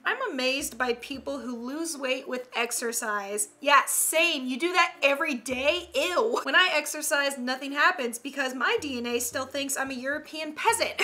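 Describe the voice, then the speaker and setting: A young woman hosting a casual comedic meme reaction, animated and quick to laugh. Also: high-pitched. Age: young adult. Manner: animated, laughs often, playful.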